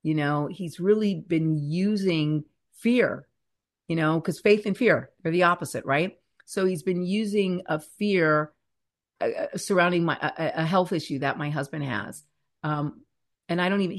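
A woman in her fifties, a guest author, speaking earnestly and animatedly about faith, fear and scripture. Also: deep voice. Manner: earnest, animated storyteller who stretches key words. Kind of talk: faith-centered interview talk.

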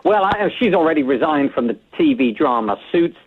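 A male correspondent speaks down a tinny phone line, in a slightly husky, higher-pitched voice. He gives measured, thoughtful analysis, pausing often to search for words. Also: animated. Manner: measured, thoughtful, many hesitations. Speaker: foreign correspondent.

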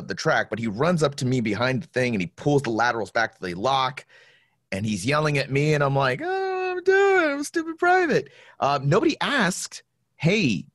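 A man's voice: dry recording, studio quality. A man in his forties hosting a casual podcast, telling stories and acting out the people he quotes. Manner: animated storyteller, acts out quotes in high voices. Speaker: podcast host.

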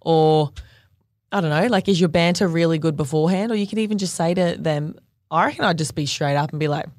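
A woman's voice: low-pitched, brisk, a little mellow, dry recording, studio quality. A woman in her twenties with an Australian accent, co-hosting a podcast in frank, chatty talk full of fillers. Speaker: podcast co-host. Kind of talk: casual chat.

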